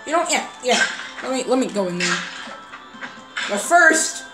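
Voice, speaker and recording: A woman voicing every character in a game role-play story, hesitant and full of fillers, breaking into excited shouts. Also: fairly high pitch, a little slow. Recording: roomy recording over game music.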